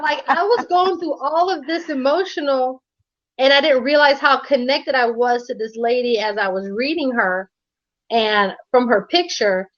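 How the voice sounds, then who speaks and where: Female live-stream co-host, high voice, casual storyteller, dull lo-fi sound. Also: normal speed. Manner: animated storytelling, laughs often, casual slang.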